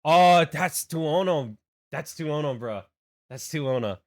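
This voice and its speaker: A laid-back island local drawls in thick Hawaiian pidgin, tossing out easy slang to his friends and aunties, as a man puts him on. The voice is relaxed and friendly, a little slower and louder than plain talk. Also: fairly high pitch.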